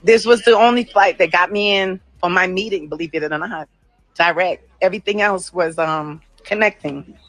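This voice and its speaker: A woman filming herself on her phone at an airport, upset and firing off sharp questions. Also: on the low side, normal speed, no room sound, rough recording. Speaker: vlogger. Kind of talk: filming herself in a casual rant.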